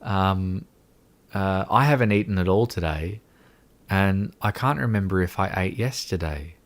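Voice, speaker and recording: A man's voice: sits low, unhurried. A young man hosting a casual livestream chat, rambling and mocking himself with frequent laughter. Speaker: livestream host.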